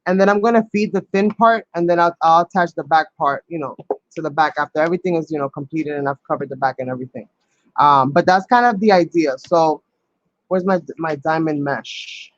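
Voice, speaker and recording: Chatty crafter with a dull, dry sound. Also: male voice, a little high, fairly quick, no room sound. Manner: chatty, thinks aloud with many ums. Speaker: crafting channel host. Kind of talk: casual crafting tutorial.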